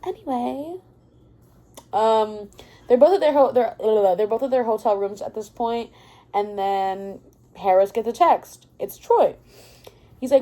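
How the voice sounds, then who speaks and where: A young woman ranting casually about a book she loves, excitable and rambling, often stopping mid-thought to correct herself. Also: mid-range voice. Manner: rambling and excitable, often losing her thread. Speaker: book vlogger.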